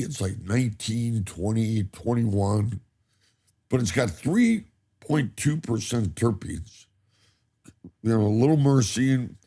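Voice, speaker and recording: Husky older man telling animated stories. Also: medium pitch. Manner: animated storyteller who laughs often. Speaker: guest. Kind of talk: casual storytelling chat. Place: cannabis company campus studio.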